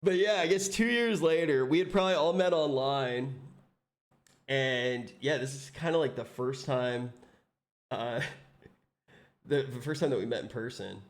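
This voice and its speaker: A man's voice: medium pitch, unhurried, pauses often. A man streaming in casual chat, reacting to a video and telling stories with lots of laughter and swearing. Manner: animated storytelling, laughs often, swears.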